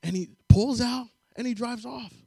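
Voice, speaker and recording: Male preacher, higher register, dry sound; lively storyteller who acts out voices. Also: normal speed, gravelly, husky, no room sound. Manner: animated storytelling, acts out voices, call-and-response amens. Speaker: pastor. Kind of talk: sermon with personal story.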